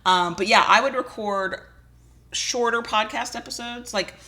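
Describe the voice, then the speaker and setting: This woman co-hosts a podcast, talking in a candid, chatty way, swearing freely and laughing easily. Her voice is a bit high, gravelly, bright, and forceful, at a measured pace, and she comes from the rural southern United States.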